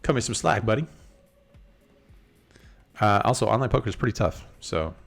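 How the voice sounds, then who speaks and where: A man's voice: fairly low pitch, lively intonation, moderate pace, creaky, a bit bright, soft background music. A man hosting a casual poker live stream, chatting easily with viewers while talking through his hands. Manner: laid-back, chatty, multitasking while reading chat. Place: in Las Vegas.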